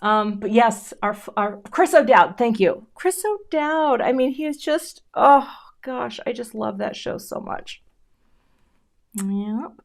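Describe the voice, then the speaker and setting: Middle-aged woman, craft host, chatty live-stream talk, trails off and restarts mid-sentence while working. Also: mid-range voice. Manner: chatty, self-interrupting, reads out viewer comments.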